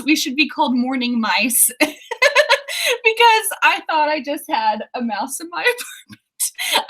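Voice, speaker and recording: A young woman chatting casually on a livestream from her apartment, giggling often and reading viewer comments aloud. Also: sits high. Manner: giggly, excitable, laughs often. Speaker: author livestreaming writing sprints.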